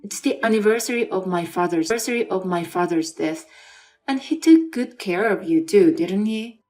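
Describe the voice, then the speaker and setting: A woman's voice: mid-range voice, normal speed, a little mellow, lightly acted. A woman voicing an adult husband in a dramatized story. He pleads and makes demands, then brushes things off. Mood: pleading.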